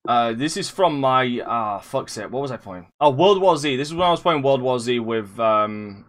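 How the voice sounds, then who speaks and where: A man hosting a casual podcast, rambling, swearing freely and often breaking into loud laughter. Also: medium pitch. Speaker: podcast host.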